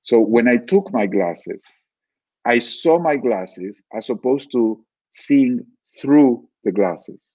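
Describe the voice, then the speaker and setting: Husky guy on a podcast, thinks out loud, repeats himself, kinda dull dry audio. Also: mid-range voice, animated, slow pace, no echo. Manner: thoughtful, repeats words while searching for them. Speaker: podcast guest, author. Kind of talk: reflective conversational explaining.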